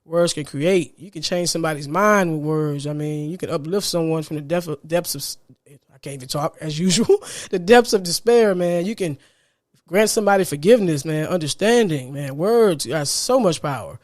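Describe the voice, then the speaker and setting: A man's voice: a little high, normal speed. A man hosting a podcast, giving a casual motivational monologue, earnest and repetitive, often ending phrases with "man". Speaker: podcast host.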